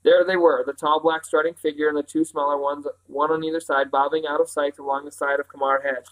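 A man with a fairly high voice reads a novel aloud in a measured, expressive storytelling manner. He carries the narration steadily from scene to scene. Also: low-quality recording. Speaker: audiobook reader.

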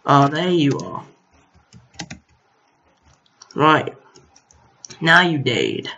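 A man's voice: a little high, big pitch swings, takes it slowly, bright, forceful tone. A young man casually commenting on his own gameplay, chatting to enemies on screen with mild exasperation. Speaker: gaming video host. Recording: lo-fi home mic.

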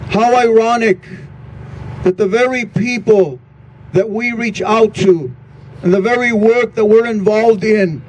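A man's voice: high-pitched, measured pace, darkish tone, a little hiss or hum, poor audio. A grieving man, a pastor, giving an earnest prayer vigil address with a repetitive preaching cadence.

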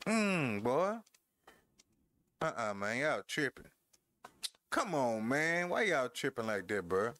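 A man's voice: mid-range voice, sing-song, unhurried, a bit bright. Trash-talking man playing a wrestling game. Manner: trash-talking, laughing, talks to viewers and opponent. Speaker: gamer. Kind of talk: casual gameplay commentary. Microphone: headphones headset.

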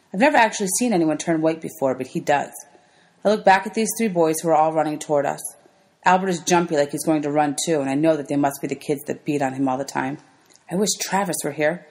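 A woman teacher reading a children's novel aloud to her students in a gentle, clear storybook manner. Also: low-pitched, a little fast.

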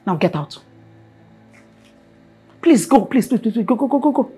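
A high-voiced, stern Nigerian mother who scolds in slow, drawn-out lines. Her pitch climbs and falls widely. Soft film music sits under the voice. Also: lively intonation. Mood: scolding. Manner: scolding, repeats herself, long dragged words. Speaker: angry mother of the house. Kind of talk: Nollywood film acting.

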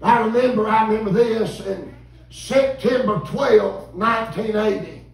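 Man in his fifties, revival preacher, high voice, echoey church from a distance. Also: measured pace, gravelly. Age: 50s. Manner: folksy, animated, calls out to congregation. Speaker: visiting preacher. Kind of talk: revival sermon storytelling. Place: church sanctuary.

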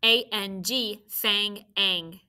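A woman teacher leading a phonics sound drill for children to repeat, clearly enunciated. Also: medium pitch, steady tone, very slow, sharp tone.

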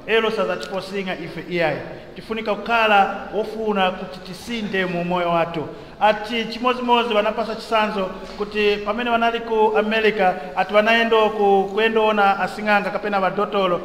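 A man interpreting a sermon in quick bursts, often restarting as he searches for words. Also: high voice, fairly even intonation, a bit bright, roomy sound, big-room sound, slight background noise, rough recording.

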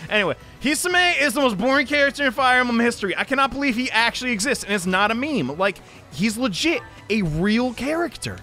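A young man from the American South giving rambling, self-deprecating, excitable commentary while playing a video game. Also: very high-pitched, brisk. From Southern United States. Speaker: let's play commentator. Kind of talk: casual gameplay commentary. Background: faint game music.

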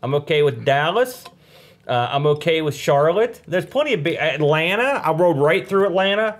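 Teasing man, fairly high voice. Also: animated, normal speed. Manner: teasing, joking banter. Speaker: podcast co-host. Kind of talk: casual chat.

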